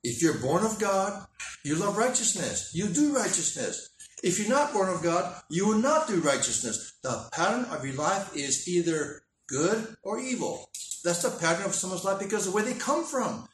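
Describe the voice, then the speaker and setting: A man preaching a sermon as a pastor, animated and acting out dialogue in character voices. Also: high voice, moderate pace, a little hiss or hum. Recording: echoey room, mic at a distance.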